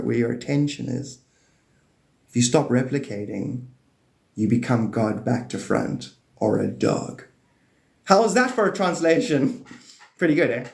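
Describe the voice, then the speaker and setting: Gravelly man musing on a livestream. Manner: loose, playful, meandering, swings into high excited bursts. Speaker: livestream host. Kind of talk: rambling spiritual livestream talk. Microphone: phone or desk mic on a live stream. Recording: echoey room.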